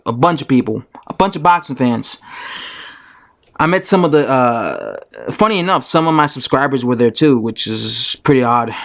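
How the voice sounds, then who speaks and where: A man's voice: medium pitch, creaky. A man who makes boxing videos, telling a story to his camera as a casual, indignant rant full of repetition. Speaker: YouTube boxing commentator.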